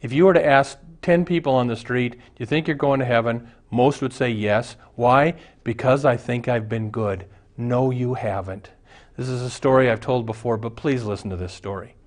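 A man's voice: medium pitch, moderate pace. A man preaching a sermon as a pastor, telling stories and jokes and acting out the voices in them.

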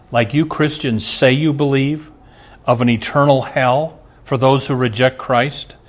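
Earnest male pastor preaching. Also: medium pitch. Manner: earnest preaching with rhetorical questions. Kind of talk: sermon.

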